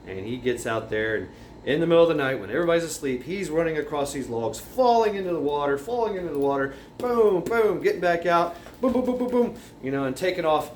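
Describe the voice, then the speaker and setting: A man's voice: on the high side, animated, quick pace. A man casually retelling a film scene, rambling, with many restarts and sound effects. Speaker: vlogger. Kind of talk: casual storytelling. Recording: roomy echo, faint background noise.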